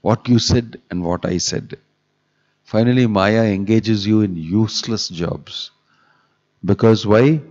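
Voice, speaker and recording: A man with a low voice giving a scripture sermon, reciting Sanskrit verses and driving his points home by repeating them. He keeps asking rhetorical questions. The audio is dull and lo-fi, as from a live webcast. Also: takes it slowly, a little mellow. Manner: repeats key phrases and asks rhetorical questions. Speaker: monk giving a scripture discourse.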